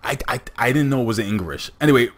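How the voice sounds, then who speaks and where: A man hosting a casual wrestling chat, animated and jokey, swearing now and then. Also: mid-range voice, fast, slight background noise. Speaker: podcast host.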